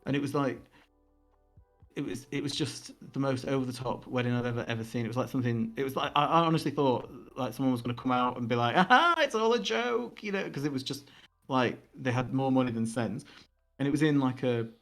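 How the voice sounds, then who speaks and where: A young man in the middle of a rambling anecdote, his voice pitched at an ordinary middle height. He lapses into fillers and flips into high, mocking impressions of the people he quotes. The tone stays loose and conversational, like podcast chat among friends. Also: fairly even intonation, fast, faint music behind. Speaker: podcast co-host. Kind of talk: casual storytelling chat.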